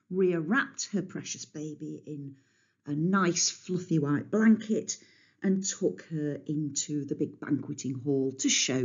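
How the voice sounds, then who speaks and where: A woman telling a myth to children in a lively, chatty way, stopping to explain words, on a dull lo-fi recording. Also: low voice, breathy edge. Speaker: storyteller. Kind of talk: storytelling to children.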